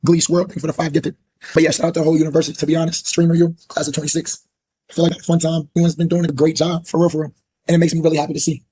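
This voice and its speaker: A man's voice: fairly high pitch, little pitch movement, rapid-fire, dark tone, a little hiss or hum. A young man with a sore throat talking earnestly and from the heart to his livestream viewers. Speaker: streamer. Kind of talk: emotional livestream talk.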